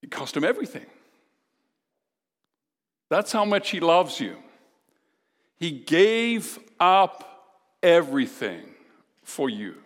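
A man preaching a sermon as pastor, emphatic, with dramatic pauses and repeated lines. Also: on the high side, big pitch swings, in a large hall.

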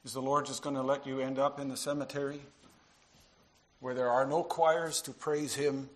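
A man preaching a sermon to his congregation, earnest, dropping to quiet asides and rising into emphatic passages. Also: mid-range voice, flat delivery, normal speed. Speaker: pastor.

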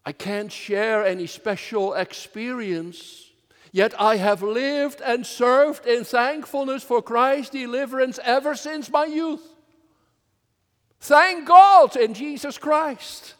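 A man preaching an earnest sermon as minister, slow and measured, rising to strong emphasis at times. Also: very high voice, steady tone, a bit bright, big-room sound. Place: church.

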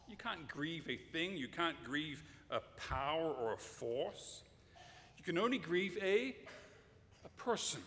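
A man's voice: a little high, big pitch swings, measured pace, fairly bright tone, big-room sound, a little hiss or hum. A man preaching a sermon, emphatic and direct, sometimes addressing children in the audience.

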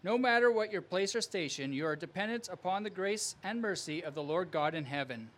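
A man preaching a sermon as pastor, with earnest, emphatic delivery and measured phrasing. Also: sits high, animated, fairly bright tone.

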